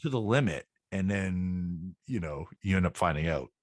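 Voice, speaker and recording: A man's voice: sits low, animated, moderate pace, no echo. A man hosting an interview, talking loosely with many restarts. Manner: rambling, lots of restarts and fillers. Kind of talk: conversational interview.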